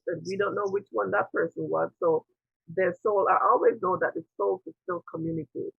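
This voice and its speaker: This priestess and spiritual interviewer tells a reflective personal story fairly quickly, her husky, gravelly voice sitting on the low side and sounding tinny through a video call. Earnest and digressive, she acts out her earlier inner thoughts as quotations. Everything sounds close and dry, with no echo at all.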